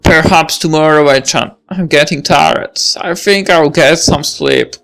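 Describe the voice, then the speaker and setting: A woman's voice: low voice, fairly bright tone, faint music behind. A woman doing a kindly old grandpa. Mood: fond. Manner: slow, fond, grandfatherly delivery. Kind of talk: reading a visual novel aloud.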